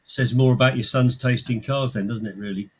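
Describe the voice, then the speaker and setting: A man hosting a podcast, asking questions and making dry, deadpan quips in a casual chat. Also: mid-range voice, brisk, slightly rough, poor audio. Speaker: podcast host.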